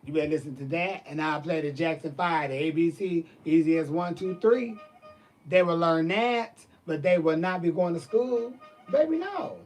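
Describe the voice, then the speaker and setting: A man with a high voice rants to camera in a sassy, emphatic way. He swears freely and talks with loud, punchy conviction. His delivery is casual and unscripted. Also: normal speed, soft background music. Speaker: vlogger. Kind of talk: casual ranting monologue.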